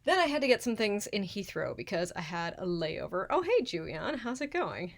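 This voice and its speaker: A woman's voice: medium pitch, sing-song, normal speed. A woman hosting a live cooking stream in her apartment kitchen, chatting casually, rambling and greeting viewers as she goes.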